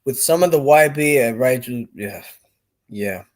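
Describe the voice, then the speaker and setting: A man's voice: mid-range voice, expressive, unhurried. A young man giving casual, rambling live-stream commentary on boxing, blunt and swearing freely.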